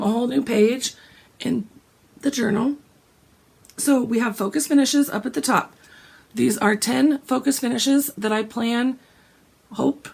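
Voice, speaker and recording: A woman, hoarse and gravelly from a cold, chatting casually about her cross-stitch plans and often clearing her throat. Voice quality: gravelly, deep. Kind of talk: casual chat.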